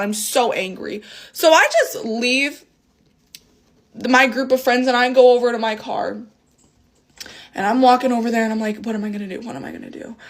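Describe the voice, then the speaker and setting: A young woman telling a storytime tale in a casual, animated way, swearing freely and acting out the voices of people she quotes. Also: high voice. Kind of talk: storytime vlog.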